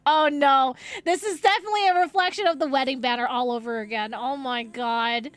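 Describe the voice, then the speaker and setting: A young woman streamer reacting out loud as she pulls on a game banner, groaning and cheering at the results. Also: high-pitched, brisk, clean tone, no echo. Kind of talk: live gacha game stream.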